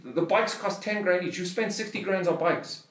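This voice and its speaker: A man's voice: high voice, normal speed, fairly bright tone, echoey room, recorded from a distance. A South African man on a podcast, telling a story in a heated, swearing rant. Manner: swears a lot, heated ranting. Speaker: podcast host. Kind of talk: casual storytelling.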